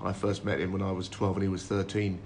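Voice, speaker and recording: Gravelly-voiced former snooker pro. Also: male voice, low-pitched, little pitch movement, fast, darkish tone, a little hiss or hum. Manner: anecdotal, laughs through his stories. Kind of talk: casual podcast chat.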